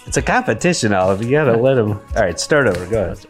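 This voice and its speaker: A man's voice: on the low side, sing-song, quick pace, soft background music. A man hosting a comedy podcast, running an acting game and calling action. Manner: runs the game, calls action. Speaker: podcast host.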